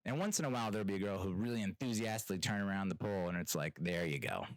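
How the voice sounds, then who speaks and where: A man's voice: low voice, very fast, no room sound, rough recording. A man hosting his own podcast, telling rambling, self-mocking stories in casual solo chat. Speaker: podcast host.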